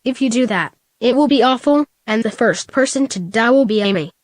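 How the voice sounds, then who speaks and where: A male doctor delivers grave news in an even, earnest manner, calm yet worried, in a storybook reading, as a woman reads the part. The voice sits a bit high and the recording is dry. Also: brisk, no room sound.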